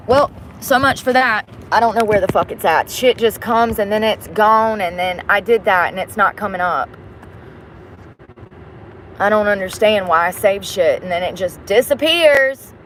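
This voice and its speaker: A woman talks straight to her viewers in a loose, casual way. She grumbles and swears under her breath while she searches for something on a device. Faint background noise sits under her voice, which is pitched mid-range for a woman. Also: lively intonation, moderate pace, a bit bright. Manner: frustrated, muttering and cursing while fiddling with a device. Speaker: vlogger. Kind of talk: casual vlog talk to viewers.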